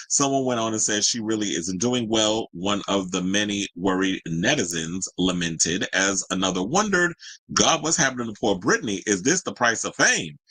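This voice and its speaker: A man hosting a celebrity gossip show, talking in a sassy, animated way with slangy asides. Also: lowish voice, no echo, low-quality recording. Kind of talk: casual gossip commentary. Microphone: home streaming mic.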